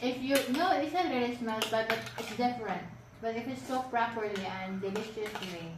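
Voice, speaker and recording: A woman's voice: on the high side, normal speed, background noise. A chatty woman with a Filipino accent talks at the dinner table, coaxing and insistent. Her voice carries in an echoey room, picked up from some distance with clinking dishes and pans behind her. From Philippines. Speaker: vlog host and wife. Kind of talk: casual dinner-table chat. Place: home dining table.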